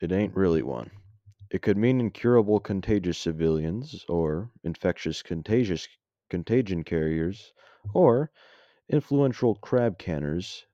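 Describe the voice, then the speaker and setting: A man doing a gruff folksy general. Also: low voice, expressive, measured pace, warm tone, dry recording. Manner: folksy drawl, blunt. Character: gruff adult male army general. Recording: dull lo-fi dry home mic.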